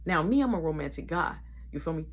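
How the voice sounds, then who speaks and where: A man telling a casual storytime story, animated and conversational, with frequent asides. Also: on the high side, quick pace.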